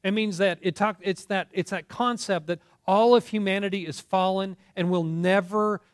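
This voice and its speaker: A man's voice: high-pitched, steady tone, moderate pace, dry recording, clean studio sound. A man preaching a conversational Bible teaching, often restarting and correcting himself, and asking his listeners questions. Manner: informal, frequent restarts and self-corrections.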